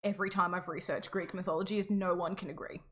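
A woman's voice: fairly low pitch, fairly even intonation, quick pace. A young Australian woman co-hosting a podcast in a rambling, casual chat with frequent laughs. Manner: chatty, rambling, laughs often. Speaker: podcast co-host.

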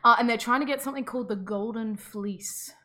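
A woman's voice: fairly high pitch, fairly quick, crowd noise. A young Australian woman co-hosting a podcast in a rambling, casual chat with frequent laughs. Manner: chatty, rambling, laughs often. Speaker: podcast co-host.

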